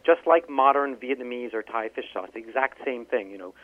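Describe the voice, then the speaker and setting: A man's voice: mid-range voice, animated, a little fast. A man, an author and linguist, storytelling in a phone-in interview with many restarts. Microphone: telephone. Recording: tinny phone line.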